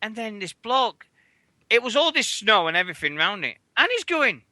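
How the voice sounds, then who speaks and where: British male host, cusses freely, rambling storyteller; dry close mic, very lively high delivery. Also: moderate pace, dry recording. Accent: British English. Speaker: wrestling radio host. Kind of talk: casual chat.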